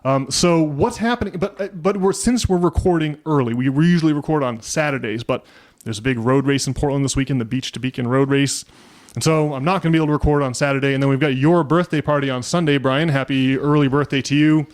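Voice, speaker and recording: A man co-hosting a casual podcast chat, his voice sitting at an ordinary middle pitch. He rambles through his points with frequent restarts and fillers. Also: fast. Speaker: podcast co-host.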